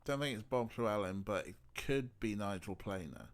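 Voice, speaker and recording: Male streamer, casual let's-play chatter, rambling, lowish voice. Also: expressive, normal speed. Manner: rambling, filler-heavy musing.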